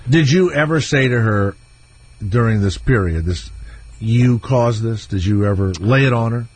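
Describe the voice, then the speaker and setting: Husky male radio host, teasing and probing, casual on-air chat. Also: mid-range voice, animated, normal speed.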